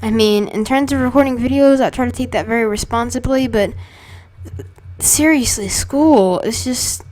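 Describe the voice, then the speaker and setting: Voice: medium pitch, normal speed, darkish tone. A student casually commenting on their own game as they play, rambling and chatty, often stopping to correct themself. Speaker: let's play creator.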